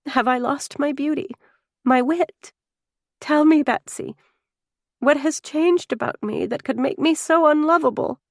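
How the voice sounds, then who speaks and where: A heartbroken young woman in an audiobook, elegant and homesick, speaking with wounded bitterness, as a female narrator reads her. Her middle-pitched voice sounds close and dry, with no room around it. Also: steady tone, normal speed, vocal fry, no room sound, close to an everyday voice. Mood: pleading.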